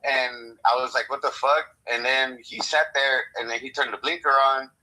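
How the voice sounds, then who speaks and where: A man's voice: medium pitch, steady tone, normal speed, bright, forceful tone, rough recording. A young American man on a podcast, rambling and swearing as he tells a story, acting out both sides of a conversation. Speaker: podcast co-host. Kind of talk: casual chat.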